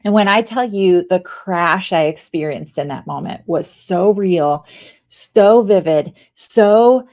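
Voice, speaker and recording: A woman in her forties, a guest author on a podcast, telling a personal story in a lively, animated way and acting out her own thoughts. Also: lowish voice, slow pace. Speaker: guest, author and leadership coach. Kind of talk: casual podcast interview.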